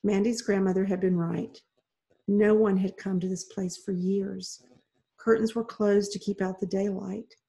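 Woman, mid pitch, reading a kids' chapter book aloud, steady and measured. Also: gravelly. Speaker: reader. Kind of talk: reading a children's novel aloud.

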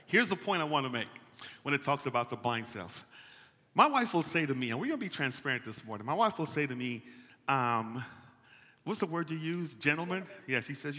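A pastor delivers a playful, conversational sermon in a church sanctuary, animated and calling out to the congregation. His voice is fairly high, at normal speed with frequent pauses, and the recording carries long church hall reverb.

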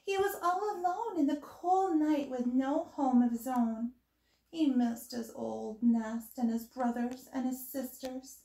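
A woman teacher reading a picture book aloud to children in an animated way, stopping to ask her listeners questions. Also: sits high, measured pace, creaky. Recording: echoey room.

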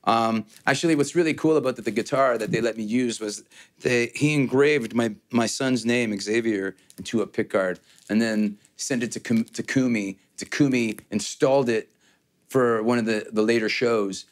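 A man's voice: medium pitch, normal speed. Joking, rambling male guitarist. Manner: loose and joking, rambling with restarts. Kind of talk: casual gear demo chat.

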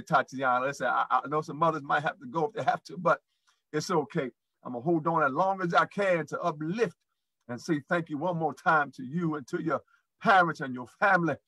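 Here a man hosts a live motivational program in a mid-range voice that sounds bright and forceful. Preachy and repetitive, he keeps encouraging the audience, whom he calls "y'all." The audio is poor but has no room sound.

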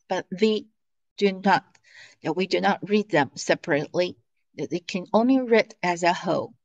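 A woman's voice: on the low side, normal speed, a little mellow, dull audio. A woman teaching pronunciation in a lesson, patient and repeating each syllable for students to follow. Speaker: Mandarin teacher.

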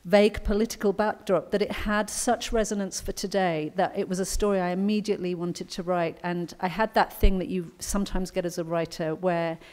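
Chatty English author at a luncheon. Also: female voice, fairly low pitch, steady tone, brisk, hardly any pauses, darkish tone. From England. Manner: chatty, anecdotal storyteller. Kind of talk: speech at a conference luncheon. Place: conference luncheon.

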